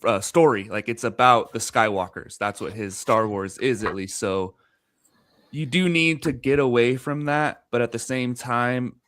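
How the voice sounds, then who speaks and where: Measured man with a dry sound. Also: medium pitch, fairly bright tone, no room sound. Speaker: podcast co-host. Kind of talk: casual chat.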